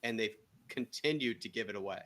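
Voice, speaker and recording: A man's voice: fairly low pitch, a little fast, pushed and bright. A man co-hosting a live football watchalong, exasperated, exclaiming and repeating himself about the defending. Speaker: co-host. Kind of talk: live match watchalong commentary.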